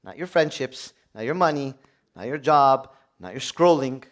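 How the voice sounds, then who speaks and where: A man preaching a sermon, swinging between loud, urgent high points and quiet, low asides. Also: lively intonation, moderate pace.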